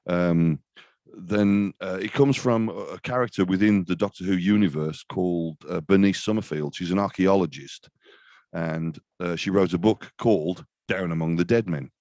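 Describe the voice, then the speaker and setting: A man's voice: low-pitched, moderate pace, a little mellow, dry recording. A man in his fifties, a death metal vocalist chatting as an interview guest, rambling and self-deprecating with many restarts. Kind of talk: casual interview chat.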